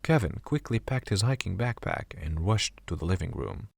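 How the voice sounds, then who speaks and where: A man narrating a horror story audiobook in a measured, steady way. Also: deep voice, gravelly, slightly rough, dry recording, studio quality. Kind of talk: scripted narration.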